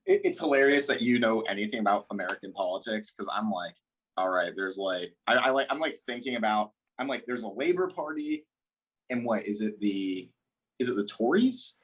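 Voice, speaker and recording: A man's voice: fairly low pitch, lively intonation, a little fast, fairly bright tone, slightly rough. A man chatting as a livestream guest, blunt and talkative, with lots of "like"s and easy laughter. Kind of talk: casual chat.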